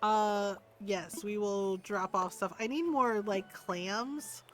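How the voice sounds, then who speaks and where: A woman streaming a game, chatting casually, animated and giggly, with a casual habit of swearing. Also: medium pitch, slow, faint music behind.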